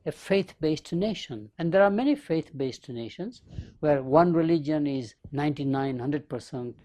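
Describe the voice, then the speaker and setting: A business professor hosts a leadership podcast in a lecture-style monologue, using everyday analogies and rhetorical questions to explain his ideas. His voice is warm and a little high.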